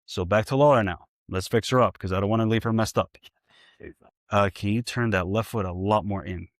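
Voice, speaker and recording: A man with a New York accent, working as a therapist and coach, demonstrating exercises with brisk repeated cues and joking asides to viewers. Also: lowish voice, no echo, studio quality.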